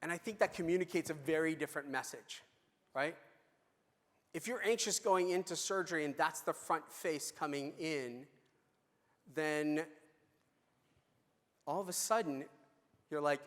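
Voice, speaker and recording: A man's voice: a little high, a little slow, long pauses, a bit bright. A middle-aged man giving a conference talk, telling a story in a conversational way with fillers and restarts. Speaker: conference speaker. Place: large conference hall. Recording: reverberant hall.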